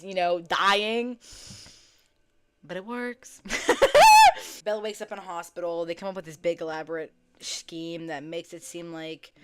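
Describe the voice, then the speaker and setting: This book vlogger is a young woman whose voice is on the low side, with a clean tone. Retelling a book story casually from memory over soft background music, she swears freely and acts out what the characters say.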